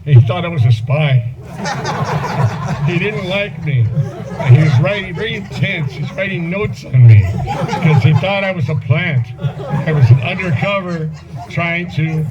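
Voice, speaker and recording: A man's voice: fairly high pitch, expressive, measured pace, over a noisy crowd. A man in his seventies giving a eulogy for an old friend at a memorial gathering, rambling through anecdotes with chuckles and fillers. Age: 70s. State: voice breaking with emotion at times. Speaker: eulogy speaker, old friend and former police partner. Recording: muffled event recording with loud background noise.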